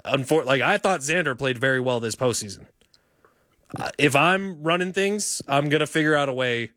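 A man's voice: mid-range voice, normal speed, sharp tone, dry recording. A man hosting a sports radio show, talking emphatically and giving firm opinions from the studio. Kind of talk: sports talk radio banter. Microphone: studio microphone.

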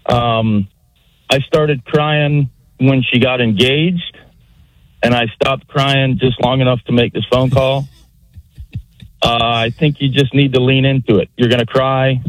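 Middle-aged male caller, slow and earnest delivery, dry phone-in feel. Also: medium pitch, no echo, low-quality recording. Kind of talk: call-in radio advice. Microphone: phone call.

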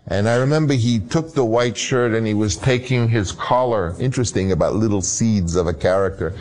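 A male filmmaker in an archival interview, telling a story in an animated way. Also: fairly low pitch, fairly quick. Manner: animated, acts out voices in anecdotes. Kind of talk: anecdotal storytelling.

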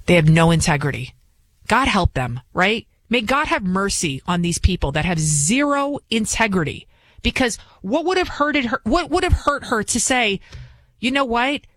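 A woman's voice: medium pitch, very animated, normal speed, dry recording. A woman political commentator talking in an indignant, emphatic way, firing off rhetorical questions and repeating her points. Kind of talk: opinion monologue.

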